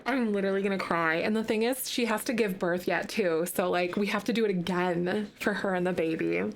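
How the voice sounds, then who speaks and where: A woman's voice: mid-range voice, fairly quick, a little hiss or hum. A woman streaming a life-sim game, chatting to her viewers in a loose, filler-heavy way. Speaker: gaming streamer. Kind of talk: live-streamed gameplay commentary.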